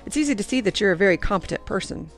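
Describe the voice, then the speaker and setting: A woman voicing a kindly older male grandfather in an audiobook, speaking gently and patiently. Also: medium pitch, animated, very fast, faint music behind, close to an everyday voice. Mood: gentle. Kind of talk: audiobook character reading.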